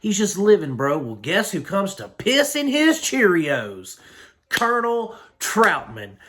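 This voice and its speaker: A man's voice: high voice, huge pitch swings, takes it slowly, a bit bright. A man recapping a film in a casual, rambling, slangy way, full of fillers. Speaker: film reviewer.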